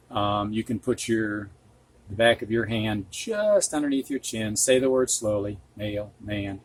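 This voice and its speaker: A man teaching a reading lesson, reading words slowly and repeating them, with patient explanations for teachers. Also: fairly low pitch. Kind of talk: slow spoken reading lesson.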